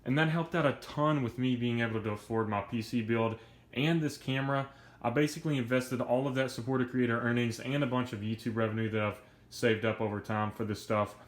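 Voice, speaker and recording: A young man talking casually and earnestly to his viewers in a vlog, energetic and a bit out of breath, with lots of slang. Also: medium pitch, fairly quick, roomy sound. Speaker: YouTuber.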